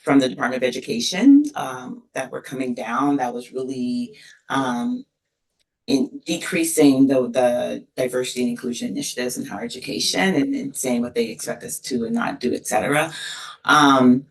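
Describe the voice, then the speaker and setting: A middle-aged woman speaks in a gravelly, creaky voice at a moderate pitch, heartfelt and earnest, often pausing and restarting her sentences. She sits a little back from the microphone, so her voice sounds somewhat distant. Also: expressive. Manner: earnest, emotional, many pauses and restarts. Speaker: associate dean of students, podcast guest. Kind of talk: casual interview conversation. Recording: distant mic.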